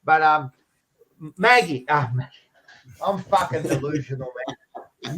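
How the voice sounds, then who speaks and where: A man's voice: on the high side, unhurried, pauses often, crowd noise. A man co-hosting a football podcast, rambling, teasing and swearing freely in casual banter. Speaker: podcast co-host.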